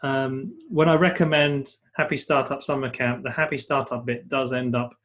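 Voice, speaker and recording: A man co-hosts a live webinar, thinking out loud in a loose, lively manner, often restarting his sentences and reading audience comments aloud. His voice is mid-range and his pace is normal.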